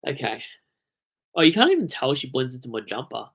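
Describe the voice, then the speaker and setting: A young Australian streamer with a blocked nose has a gravelly, mid-range voice and talks fairly quickly. He rambles casually on the livestream, cursing and flaring into animated outbursts.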